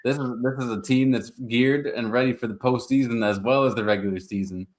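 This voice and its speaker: A man co-hosting a sports podcast, arguing in a relaxed, teasing way and laughing often. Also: medium pitch, fairly quick. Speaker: podcast co-host. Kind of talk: casual sports debate.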